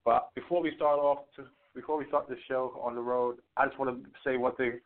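A man's voice: medium pitch, fairly even intonation, a little fast. Laid-back New man, tinny line. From the Bronx, New York. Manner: laid-back, repeats "you know what I mean", chuckles. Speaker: podcast co-host. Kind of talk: casual sports and music chat. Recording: tinny phone-line sound.

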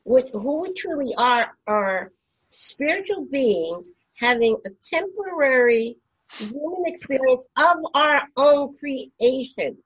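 A woman's voice: high-pitched, expressive, takes it slowly, fairly bright tone, slightly rough, poor audio. A woman hosting a spiritual radio talk show, speaking heartfelt and emphatic, with frequent stumbles and restarts.

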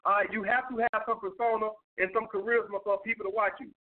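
A man's voice: high voice, level tone, fast. A man hosting a livestream, answering viewer questions in blunt, profane casual talk. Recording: tinny phone-like sound.

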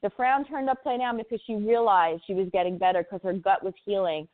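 A woman's voice: mid-range voice, fairly even intonation, brisk, dry recording. Earnest woman on a tinny phone line. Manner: earnest and impassioned, repeating words for emphasis. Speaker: guest, parent. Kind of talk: emotional personal storytelling in a radio interview.

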